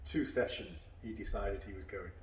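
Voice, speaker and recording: A man's voice: lowish voice, normal speed, a little hiss or hum. A man hosting a casual podcast chat over a beer, telling long anecdotes and acting out what others said. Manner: long rambling anecdotes, acting out quoted dialogue. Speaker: karate instructor and podcast host. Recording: echoey room, mic at a distance.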